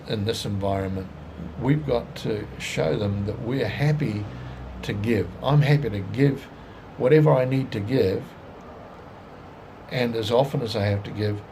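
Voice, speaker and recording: Man, Australian accent, low gravelly voice, rambling folksy monologue, faint hiss. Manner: rambling and folksy, with plain sales advice. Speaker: businessman telling his life story. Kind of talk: casual monologue to camera.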